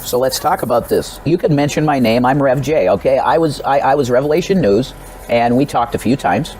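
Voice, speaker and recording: A man's voice: mid-range voice, a little fast, a little mellow, a little hiss or hum, rough recording. Rambling man pleading to camera. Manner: rambling and repetitive, with frequent restarts and direct pleas to the viewer. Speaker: religious vlogger. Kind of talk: rambling personal vlog address.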